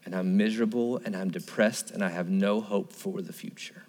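A preacher voicing bitter grieving Naomi. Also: male voice, low voice, fairly even intonation, normal speed, darkish tone, big-room sound, voice pushed down, natural voice. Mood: despairing.

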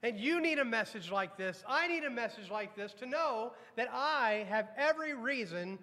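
High-voiced preaching man in a reverberant church. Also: expressive, bright, forceful tone. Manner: emphatic preaching, drops low and slow for weighty lines; addresses congregation directly with repeated questions. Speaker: pastor. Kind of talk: sermon. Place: church sanctuary.

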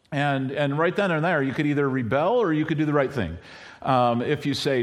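A middle-aged man preaching a sermon in a conversational way, now and then acting out quoted lines in a higher voice. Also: moderate pace. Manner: conversational, acts out quoted lines with bursts of high pitch. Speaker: pastor.

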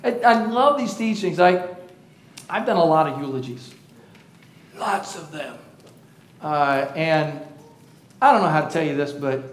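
A man's voice: a little high, animated, a little slow, long pauses, reverberant, poor audio. A male pastor preaching a sermon, quizzing the congregation and joking at his own expense. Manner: engaging, asks the congregation questions; playful, self-teasing humor. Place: church.

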